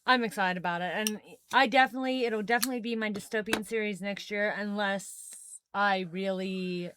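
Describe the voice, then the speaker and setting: A woman's voice: mid-range voice, steady tone, brisk, noisy background. A young woman co-hosting a podcast, chatting casually and laughing often. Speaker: podcast co-host. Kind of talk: casual chat.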